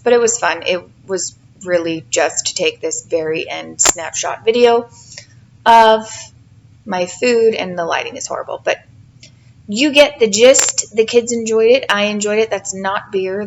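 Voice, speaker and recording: Woman, 30s, casual home cooking voice-over, rambling and self-mocking, slightly gravelly. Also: mid-range voice, rough recording. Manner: chatty, self-deprecating, rambling with fillers. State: tired, yawning. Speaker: cooking vlogger, mother. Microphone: home voice-over mic.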